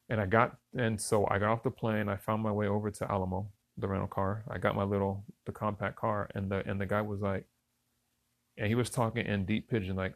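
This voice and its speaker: A middle-aged man casually telling a personal story in a relaxed, conversational way, talking straight to his listeners. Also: on the low side, creaky, no room sound. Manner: relaxed, conversational, addresses listeners as y'all and fellas.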